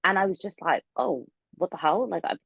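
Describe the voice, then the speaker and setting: A young woman telling a long story as a podcast guest, rambling and animated with plenty of fillers. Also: fairly low pitch, fairly quick, gravelly, husky, no echo, rough recording. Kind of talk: casual storytelling interview.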